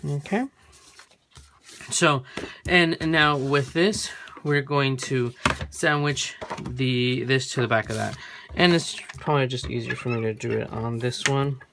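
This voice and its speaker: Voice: medium pitch, measured pace, creaky, fairly bright tone, a little hiss or hum. A craft tutorial host chatting through a hands-on demo at a home work table, often stopping to correct themself mid-sentence. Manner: chatty, with frequent self-corrections. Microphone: camera framing a work surface.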